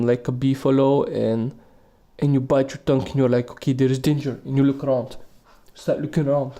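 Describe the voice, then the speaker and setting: A man's voice: medium pitch, warm tone. A young man hosting a solo podcast, rambling casually with lots of swearing, restarts and laughing at himself. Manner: profane, meandering, laughs at himself. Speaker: podcast host.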